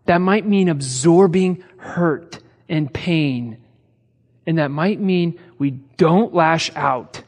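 A man's voice: a little high, slow, a little mellow. A man from the American Midwest preaching a sermon as pastor, conversational, with repeated rhetorical questions and touches of humor. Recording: reverberant hall.

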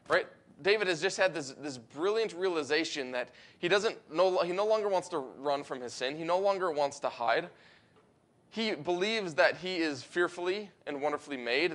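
High-voiced man preaching earnestly. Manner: earnest preaching, rising emphatic peaks, slows for weight. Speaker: pastor. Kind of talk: sermon.

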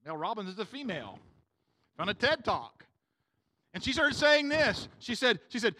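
A man's voice: sits high, very animated, normal speed, pauses often, bright, forceful tone. A man preaching a sermon to his congregation in a casual, slangy way, often asking them to agree with him. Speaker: pastor. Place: church room with a congregation.

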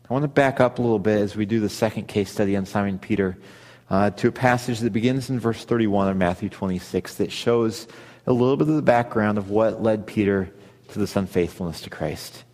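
A man preaching a sermon as pastor, earnest and measured, pausing as he reads scripture aloud. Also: fairly low pitch, darkish tone. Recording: long hall reverb.

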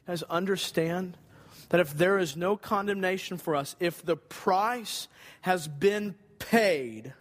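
A man's voice: high voice, slow. A man preaching a sermon, earnest and emphatic, repeating key phrases for weight. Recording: long hall reverb.

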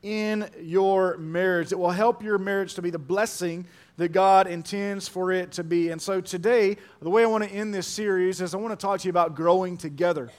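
A middle-aged male pastor with a notably high voice delivers his sermon. He is animated and playful, tells jokes, and drives points home by repeating them. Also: normal speed.

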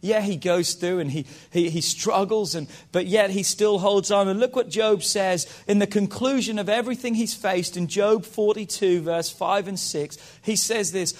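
Male pastor, high-pitched, sermon delivery, rhetorical, hushed-to-emphatic swings. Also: normal speed, few pauses. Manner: preaching with big swings between hushed and emphatic; rhetorical questions and repeated phrases.

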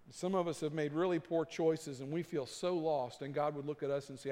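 A man's voice: on the high side, moderate pace, hardly any pauses. Preaching man in a reverberant hall. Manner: preaching with swells from hushed to emphatic. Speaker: pastor. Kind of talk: sermon.

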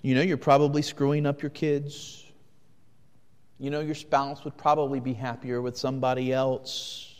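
A man's voice: mid-range voice, little pitch movement, moderate pace, clear, resonant tone. Earnest preacher man in a reverberant hall. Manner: earnest, swings from loud to hushed. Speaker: pastor. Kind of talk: sermon.

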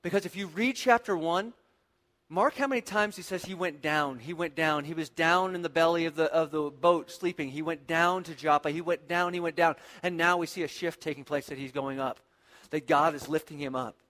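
A man's voice: fairly high pitch, fairly even intonation, moderate pace. Man preaching in a big echoing room. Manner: preaching with surges of intensity and quiet reflective passages. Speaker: pastor. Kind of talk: sermon.

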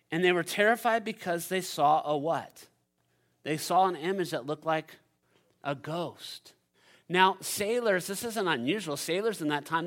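A man preaching a sermon, telling a story and building to loud climaxes. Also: a little high. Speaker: pastor.

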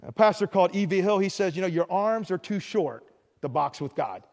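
A man's voice: high-pitched, lively intonation, brisk. An older male pastor telling a story in a sermon, repeating words as he restarts phrases. His raised voice carries with long reverb through a big hall.

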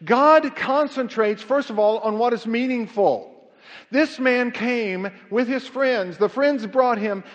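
A man's voice: sits high, big-room sound, muffled recording. A pastor delivering a conversational sermon, asking the congregation rhetorical questions and often restarting his sentences.

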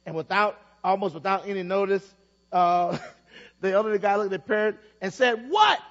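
High-voiced preacher in an echoey hall. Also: male voice, fairly even intonation, moderate pace, a bit bright, highs cut off. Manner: storytelling preacher, repeats phrases, builds emphasis. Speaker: pastor. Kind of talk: sermon.

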